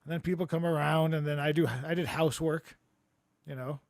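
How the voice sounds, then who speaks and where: Male comedy podcast host: slightly high, gravelly voice, dry close mic, rambling deadpan storyteller on a video call. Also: fairly quick, no echo. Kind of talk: casual comedic chat. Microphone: remote video call.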